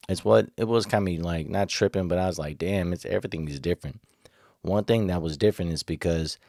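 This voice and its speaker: Low-voiced man rambling casually. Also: a little mellow, no room sound, studio quality. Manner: rambling, laughs often, slangy; raises pitch when quoting others. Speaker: vlogger. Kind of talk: casual storytelling chat.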